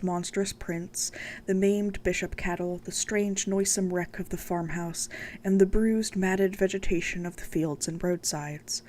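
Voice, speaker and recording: A woman's voice: medium pitch, dark tone, a little hiss or hum. Woman reading a story aloud. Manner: careful, measured reading with pauses. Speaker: channel host reading aloud.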